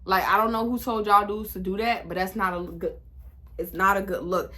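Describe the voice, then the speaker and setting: A woman in her twenties telling a storytime vlog in a blunt, animated, profane way. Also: mid-range voice, moderate pace. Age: 20s. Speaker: vlogger.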